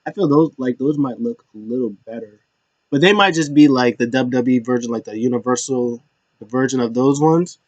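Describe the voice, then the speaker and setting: A man in mid pitch chats loosely through a wrestling recap. He rambles and restarts and chuckles now and then. The recording is dry and close. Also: normal speed, a little mellow, no room sound, lo-fi sound. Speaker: wrestling show commentator. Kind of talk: casual recap chat.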